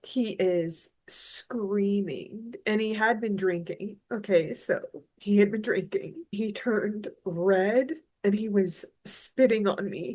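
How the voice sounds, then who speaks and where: A woman's voice: mid-range voice, takes it slowly, darkish tone. A woman in her thirties telling a painful personal story as a podcast host, reflective and emotional, at times tearful. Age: 30s. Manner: reflective, emotional, repeats phrases.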